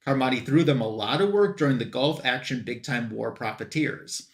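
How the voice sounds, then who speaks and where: A man on a comic book show giving a casual plot recap and quoting characters in quick bursts. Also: medium pitch, echoey room. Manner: retells scenes with quick quoted voices for characters.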